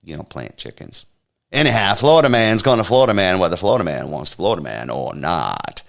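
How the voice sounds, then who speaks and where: A podcast host with a deep, low male voice, telling a long joke. He spins it out slowly in a folksy, drawn-out way. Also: big pitch swings, gravelly.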